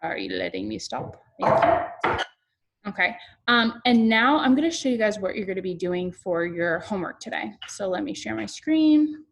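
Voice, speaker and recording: Animated kindergarten teacher, a young woman. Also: mid-range voice, normal speed, vocal fry, slight background noise. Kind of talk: online class lesson.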